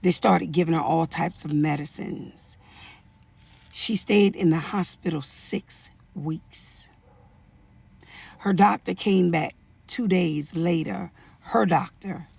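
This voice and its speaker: Slow, gravelly older woman, earnest. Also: lowish voice, a little mellow, dry recording. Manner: earnest and pleading, warning other women. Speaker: storyteller sharing a family account. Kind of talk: personal testimony to camera.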